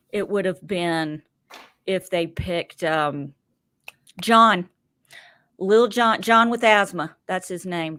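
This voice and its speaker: A woman's voice: mid-range voice, clear, resonant tone. A woman with a Southern American accent, co-hosting a casual reality-TV recap podcast and acting out quotes playfully. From Southern United States. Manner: animated, playful, acts out quotes. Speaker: podcast co-host.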